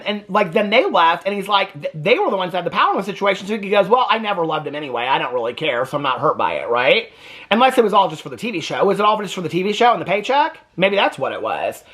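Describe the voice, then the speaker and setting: Animated, exasperated man recapping reality TV. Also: high voice. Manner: exasperated, gossipy, mimics people he talks about. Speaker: TV recap commentator. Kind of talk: casual reality-TV recap rant.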